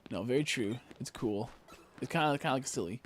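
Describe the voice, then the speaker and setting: A man's voice: mid-range voice, a little fast, slight background noise. A man streaming a game, chatting casually and rambling with lots of filler words while joking with his chat.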